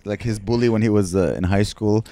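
A man's voice: on the low side, fairly quick, warm tone, dry recording. A man, a comedian co-hosting a podcast, chatting casually, teasing and crude, laughing often. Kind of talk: casual chat.

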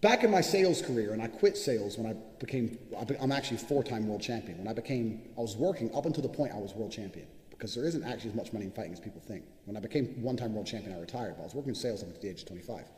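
This vlogger's voice is fairly low and darkish, and he talks animatedly at breakneck speed with hardly any pauses. Swearing nonstop, he brags brashly through a motivational monologue on money, recorded in an echoey space with a long reverb tail.

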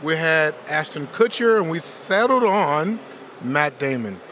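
Man, quiz contestant, eager, talks over teammates, bright high voice, faint background noise. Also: expressive, a little slow. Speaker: quiz team spokesperson.

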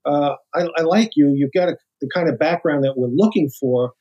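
A former FBI agent, an older man from the United States, speaks in a fairly high, husky voice at a moderate pace, with the highs cut off in the recording. As an interview guest he spins animated stories, voicing the people he quotes and restarting frequently.

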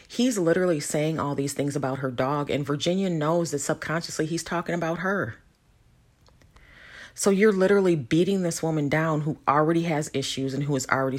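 A reality show commentator giving casual, opinionated commentary and talking straight to the viewers. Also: mid-range voice.

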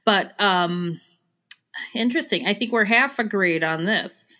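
A woman's voice: mid-range voice, a little slow, sharp tone. Chicago-accented woman chatting, lo-fi. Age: Generation X. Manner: chatty, self-interrupting, laughs easily. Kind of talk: casual chat. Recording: dull lo-fi recording.

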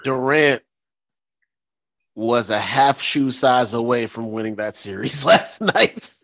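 A man co-hosting a casual sports podcast who talks haltingly and searches for words. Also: mid-range voice, animated, a bit bright, dry recording. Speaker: podcast co-host.

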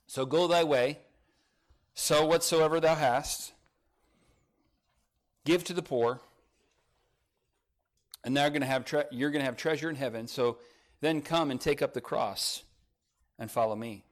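A man preaching a sermon, rising to emphatic peaks and dropping to quiet, soft passages, and reading scripture aloud. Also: fairly high pitch, measured pace, long pauses. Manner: reads scripture in old-style phrasing. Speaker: pastor.

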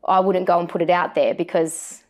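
A woman's voice: fairly low pitch, steady tone, brisk. A woman, a sports presenter, chatting as an interview guest with lots of fillers and restarts. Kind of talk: casual interview chat.

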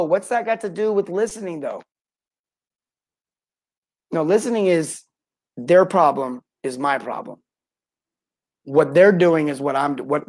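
A middle-aged man with a fairly high-pitched voice hosts a podcast and coaches plumbers on sales. During an energetic live coaching talk, he greets viewers by name and acts out what customers say.

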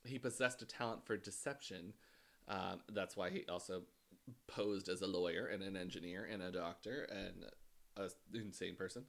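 Bright-voiced man recounting a case. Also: low-pitched, normal speed, gravelly. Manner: hesitant, many ums and uhs, dry asides. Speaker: podcast co-host telling a true-crime story. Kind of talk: casual chat, recounting a case.

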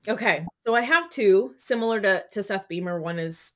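A woman's voice: medium pitch, moderate pace, a bit bright. A woman in her forties, a podcast guest telling stories in a candid, chatty way. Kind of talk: casual interview storytelling.

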